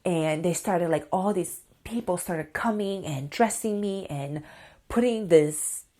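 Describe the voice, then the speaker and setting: A chatty woman vlogger in her thirties tells a story straight to camera. Her voice sits a little low, and she gets excitable, filling her sentences with "like" and calling out to her viewers. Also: measured pace. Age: 30s. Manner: excitable and chatty, full of "like" and "you guys".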